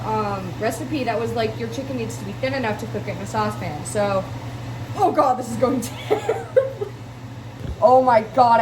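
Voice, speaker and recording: Young woman, kitchen vlog, rambling chatter, lots of fillers, slightly high voice. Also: noisy background. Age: young adult. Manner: rambling, filler-heavy, laughing, swears casually. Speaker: vlogger. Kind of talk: casual storytelling while cooking. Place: home kitchen.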